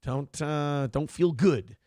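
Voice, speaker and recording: A man's voice: fairly high pitch, takes it slowly, a little mellow, no echo, clean studio sound. A man hosting a live-streamed morning talk show, rambling and mocking in casual commentary and reading out donors' messages. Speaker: livestream show host.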